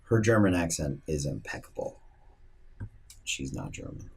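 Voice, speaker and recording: A man running a tabletop role-playing session, explaining what the players notice. His voice is very low and husky, and he pauses and restarts often as he works out his description. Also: big pitch swings, darkish tone. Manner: hesitant, restarts while describing. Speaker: game master. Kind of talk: narrating a tabletop game.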